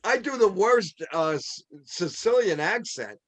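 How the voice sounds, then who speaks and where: A man's voice: sits high, sing-song, a little slow. A man co-hosting a podcast, chatting casually in an easygoing, joking way. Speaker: podcast co-host. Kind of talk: casual chat.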